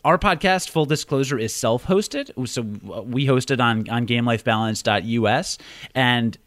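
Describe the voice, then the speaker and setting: A man co-hosting a casual podcast, full of quick, joking asides about the show. His voice is recorded very close and dry, with no room sound. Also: mid-range voice, a bit bright, dry recording. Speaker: podcast co-host.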